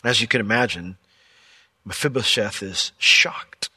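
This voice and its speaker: A man preaching a sermon as pastor, telling the story with jokes and lively asides. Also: lowish voice, measured pace, husky, dry recording. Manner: animated, joking storyteller.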